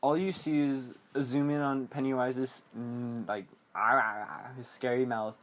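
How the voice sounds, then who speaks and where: A man's voice: mid-range voice, steady tone, moderate pace, a little mellow. A young man hosting a podcast, casually recapping a horror movie in a rambling, giggly way and acting out the characters' lines. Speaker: podcast host.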